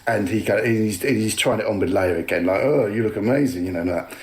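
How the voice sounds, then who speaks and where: A man, co-hosting a comedic film podcast and chatting casually with quick agreeing interjections. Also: on the low side, steady tone. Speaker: podcast co-host.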